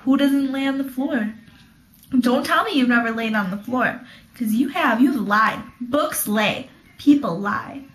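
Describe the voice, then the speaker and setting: A woman's voice: a little high, measured pace. Bubbly rambling teen girl, echoey room. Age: teens. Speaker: vlogger. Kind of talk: casual chat to camera. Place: at home, lying on the floor.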